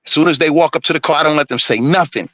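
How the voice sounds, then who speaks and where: A man's voice: on the high side, very fast, fairly bright tone, dull audio. A man ranting on a live stream, blunt and preachy, swearing constantly. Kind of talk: profane ranting monologue.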